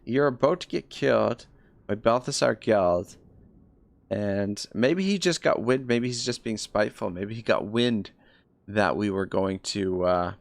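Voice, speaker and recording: A man's voice: on the low side, a little slow, vocal fry. A man with a Canadian accent streaming a strategy game, chatting with viewers and reading their messages aloud. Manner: rambling, reads chat aloud, many fillers and restarts. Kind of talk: live gameplay commentary, chatting with viewers.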